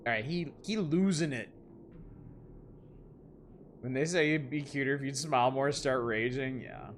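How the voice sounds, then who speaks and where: A man's voice: medium pitch, unhurried, a little hiss or hum. A man commentating a game on a live stream, wry and joking, swearing when startled. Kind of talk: live let's-play commentary.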